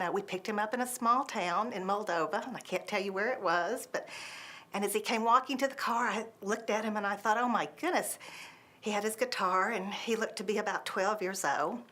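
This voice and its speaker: A woman's voice: mid-range voice, fairly bright tone. A woman telling a personal mission trip story, with frequent ums and acted-out voices in quotes.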